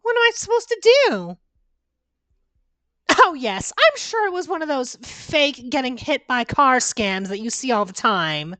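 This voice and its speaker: A woman streamer riffs on a horror game with playful sarcasm and big reactions. Her high, bright voice swoops over a wide range and often slows down for effect. It is recorded close and dry. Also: sing-song, dry recording. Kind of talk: let's-play horror game commentary.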